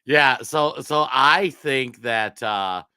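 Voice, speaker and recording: A man's voice: medium pitch, slow, clear, resonant tone, dry recording. A man from Minnesota co-hosting a casual political talk show, telling stories animatedly and acting out what people said. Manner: animated storyteller who acts out quotes. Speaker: co-host.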